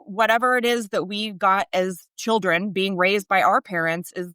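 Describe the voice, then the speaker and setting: A woman's voice: mid-range voice, steady tone, normal speed, fairly bright tone, clean tone, no echo. A woman in her thirties, a parenting coach, explaining earnestly in a conversational podcast interview, rising animatedly on key points.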